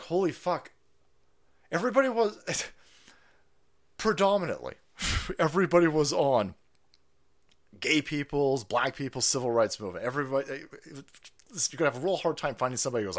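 A man hosting a livestream, ranting in a foul-mouthed, animated way and laughing often. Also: mid-range voice, brisk, long pauses. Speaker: livestream host.

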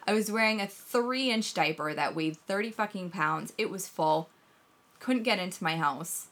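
A woman co-hosting a casual podcast chat, telling a story in an animated way and swearing often. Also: fairly low pitch. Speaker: podcast co-host.

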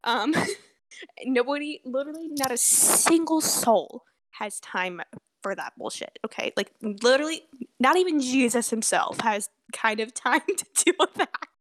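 A teenage girl with a high, expressive voice co-hosts a podcast, telling a story at a measured pace. The chat is casual, and she laughs often and swears freely.

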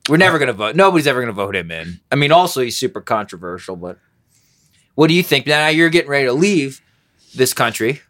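A man in mid range talks casually as a podcast host. He rambles, gets animated and curses freely, with a loose, unscripted flow. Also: mid-range voice, fast. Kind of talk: casual chat.

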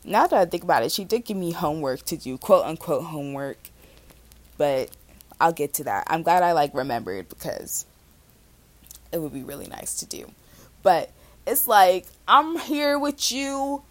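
A woman's voice: on the high side, dry recording. A young woman in her twenties hosting a podcast, chatting casually with slang and swearing. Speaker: podcast host. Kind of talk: casual chat.

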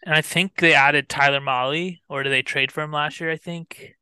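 A man's voice: on the high side, fairly even intonation, sharp tone, smooth, dry recording. A young man co-hosting a podcast, talking baseball in a blunt, joking way. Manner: blunt, joking, quick to push back. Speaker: podcast co-host. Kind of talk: casual sports chat.

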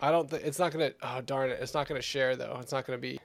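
A man's voice: mid-range voice, fairly even intonation, fast, creaky, dry recording. A man co-hosting a podcast, chatting casually and laughing through playful banter. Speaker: podcast co-host. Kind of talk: casual chat.

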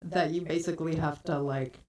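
Low-voiced woman, rambling chat. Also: fairly even intonation, fairly quick, a little mellow, far from the mic. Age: 20s. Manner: rambling storytelling, many likes. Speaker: podcast co-host. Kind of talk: casual chat.

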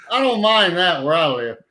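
Folksy male storyteller, slightly high voice, rambling and chatty. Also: pushed and bright, poor audio. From New Mexico. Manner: folksy, rambling, repeats "anyway". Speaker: podcast guest, citizen petition organizer. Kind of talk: casual storytelling.

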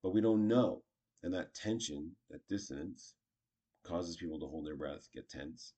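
A man's voice: low-pitched, measured pace, mellow, slightly rough. A man casually teaching improv, chatty and acting out short example lines. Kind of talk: casual instructional talk.

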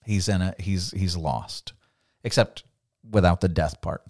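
A middle-aged man co-hosting a casual Bible study podcast, animated and laughing often as he acts out the voices of the people in the story. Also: low-pitched, measured pace. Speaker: podcast co-host.

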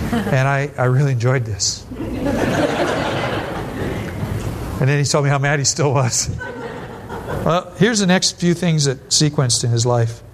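An older man in his seventies preaches a sermon in a blunt, storytelling way, his voice sitting at a plain middle pitch. He tosses in quick asides and lifts his voice for emphasis. A faint noise hums under the recording. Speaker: pastor.

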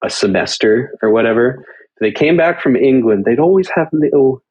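A man from Canada hosting a casual podcast chat, animated and laughing, often dropping into mock voices. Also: medium pitch, normal speed, breathy edge, muffled recording. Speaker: podcast host.

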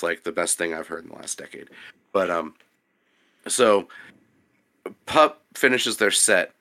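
Bright-voiced man telling a profane story. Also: low voice. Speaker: podcast guest. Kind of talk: casual storytelling.

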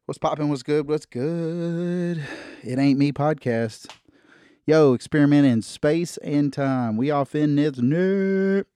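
A man's voice: on the high side, unhurried, dark tone, faint music behind. A man hosting a casual college-radio-style podcast, talking in a slangy, laid-back way. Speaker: host.

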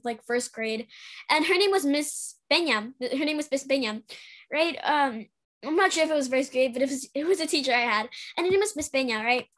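A woman's voice: high voice, fairly bright tone. A young woman co-hosting a casual chat, hesitant and chatty, with fillers and self-corrections. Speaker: podcast co-host.

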